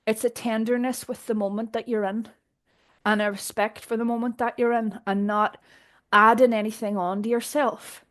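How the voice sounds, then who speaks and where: Animated Northern Irish woman, rather high. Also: normal speed. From Northern Ireland. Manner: direct, animated, laughs often while telling stories. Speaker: guest. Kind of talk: casual conversation.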